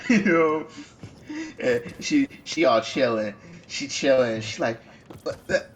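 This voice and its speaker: A man's voice: mid-range voice, slow, a little hiss or hum. A man in a casual gaming chat, telling a mocking story and acting out bits of dialogue. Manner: mocking storyteller, acts out voices.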